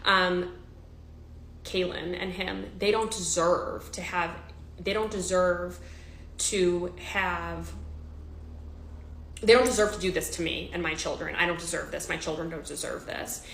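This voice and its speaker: A woman's voice: on the low side, fairly even intonation, measured pace, vocal fry, long pauses, fairly bright tone, roomy sound, slight background noise, low-quality recording. A woman telling a personal story in a storytime vlog, emotional and repetitive with many restarts.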